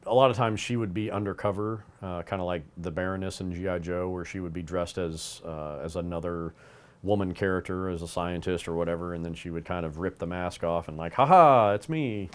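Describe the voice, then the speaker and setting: Deep-voiced man chatting loosely. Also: level tone, brisk. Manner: rambling, with fillers and restarts, acts out bits of dialogue. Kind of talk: casual commentary on a cartoon and its toys.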